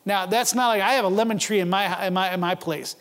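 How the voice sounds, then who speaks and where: A pastor with a high voice preaches a sermon quickly and earnestly, his fairly bright tone ringing with the long reverb of a large church sanctuary. He doubles words as he starts phrases and presses listeners with rhetorical questions.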